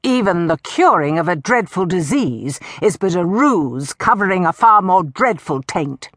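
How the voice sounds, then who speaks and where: A woman voicing a pompous village chaplain who speaks slowly and solemnly. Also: lowish voice, expressive, fairly bright tone, no echo, clean studio sound. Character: pompous double-chinned village chaplain man.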